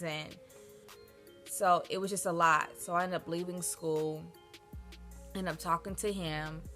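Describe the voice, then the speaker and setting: A woman's voice: fairly low pitch, bright, forceful tone. A young woman telling a personal story in a chatty vlog style, filling her talk with "like". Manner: chatty, lots of "like" fillers. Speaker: vlogger.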